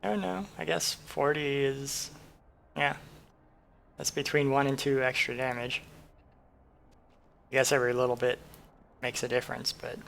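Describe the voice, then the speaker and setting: A man's voice: medium pitch, level tone, measured pace, creaky, pauses often, a bit bright, a little hiss or hum. A man casually commenting on a game he is playing, rambling and thinking aloud with self-deprecating asides. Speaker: streamer.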